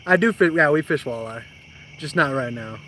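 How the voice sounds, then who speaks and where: A young man with a medium-pitched, animated voice, pushed and bright, talks at normal speed while hosting a nighttime fishing live stream on a creek bank. In casual chat, he teases his partner and reads viewer comments out loud.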